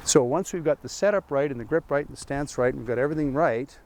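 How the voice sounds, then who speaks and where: A man's voice: mid-range voice, fast talker, darkish tone, slight background noise. A man, a golf teaching pro, giving a chatty lesson full of rhetorical questions and dry sarcasm. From Canada.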